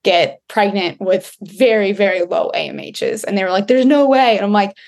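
A woman's voice: mid-range voice, moderate pace, creaky. A woman naturopathic doctor answering interview questions in a chatty way, full of "like" fillers.

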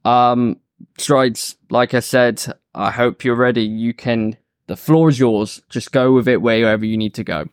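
A man's voice: mid-range voice, measured pace, clean tone, dry recording, clean studio sound. A man hosting a casual football podcast, laid-back and swearing casually as he sets up the next segment. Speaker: podcast host.

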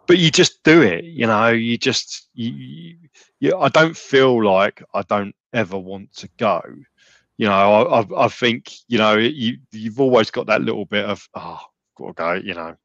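A man's voice: mid-range voice, measured pace, creaky, fairly bright tone, no room sound, muffled recording. A man talking casually as a podcast guest, rambling with many restarts and fillers. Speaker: gym client and podcast guest.

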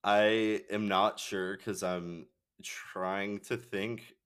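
A man chatting as a podcast guest, hesitant as he thinks aloud and quick to laugh. His voice sits on the low side. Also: level tone, a bit bright, smooth. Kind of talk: casual podcast chat.

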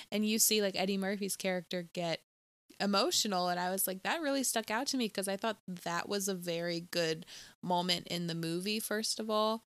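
A young woman co-hosting a casual movie chat, retelling scenes in a chatty, animated way. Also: medium pitch, moderate pace, dry recording. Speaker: podcast co-host.

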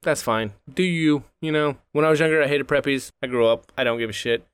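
A man's voice: medium pitch, fairly quick, smooth, no room sound. Casual podcast co-host, man, profane storyteller, dry close mic. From California. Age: 20s or 30s. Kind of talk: casual chat.

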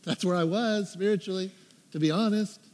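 High, animated man preaching in a reverberant hall. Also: normal speed, a little hiss or hum. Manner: animated, acts out his own prayers and quotes. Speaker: pastor. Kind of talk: storytelling sermon.

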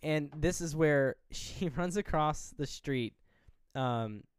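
A man co-hosting a podcast, retelling a horror film with lively, acted-out quotes and casual swearing. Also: fairly high pitch, takes it slowly, clear, resonant tone, no room sound, studio quality. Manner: animated retelling, acting out characters' lines; swears freely. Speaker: podcast co-host. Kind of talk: casual movie recap.

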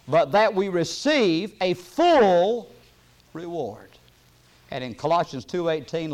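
Man preaching with loud scripture readings. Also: mid-range voice. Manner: reads scripture aloud with rising emphasis, then drops soft; King James scripture quotations, plain folksy asides. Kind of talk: sermon.

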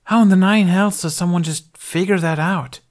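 A man voicing a brash, excitable young male Jedi apprentice. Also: on the high side, pitched above the performer's own voice. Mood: excited. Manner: excited, quick to blurt.

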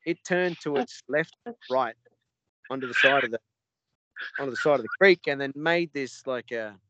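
An Australian man, a podcast guest, telling a story in a rambling, animated way with lots of swearing. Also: medium pitch, normal speed, heavy background noise. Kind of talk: casual storytelling.

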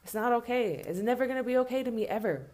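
A woman's voice: on the high side, quick pace, a little mellow. A woman delivering an impassioned spoken rant, blunt and heavily profane, hammering points home by repeating herself.

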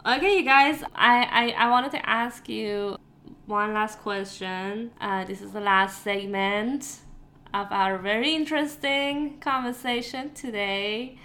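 A woman's voice: fairly high pitch, slow pace, bright, forceful tone. A woman hosting a podcast, talking frankly and laughing easily in a casual interview. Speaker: podcast host.

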